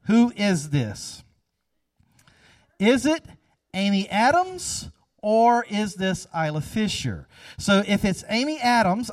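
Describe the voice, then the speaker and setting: A man's voice: sits high, dry recording, clean studio sound, recorded from a distance. A man leading a casual, chatty sermon after an audience guessing game, upbeat and repeating himself.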